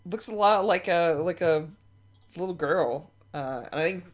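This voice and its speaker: A woman's voice: fairly low pitch, unhurried. Stammering woman player at a game table. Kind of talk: casual tabletop play.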